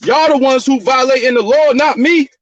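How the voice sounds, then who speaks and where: A man's voice: extremely high pitch, moderate pace, lo-fi sound. A man filming on his phone and arguing insistently with court staff, repeating his points. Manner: insistent, argumentative, repeats himself. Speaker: vlogger confronting court staff. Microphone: phone held by the speaker.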